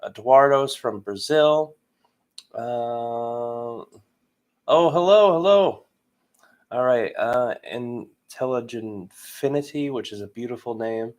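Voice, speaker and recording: Host: man, 30s, from Michigan, upbeat and chatty live-stream greeter, mid-pitched voice. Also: slow. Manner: upbeat, chatty, reads out viewer names.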